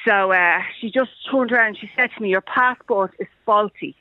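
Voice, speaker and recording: An Irish woman phones into a radio show and tells a story with animation, acting out the voices of its characters. Her voice is fairly high and a little quick, coming through a muffled, dry telephone line.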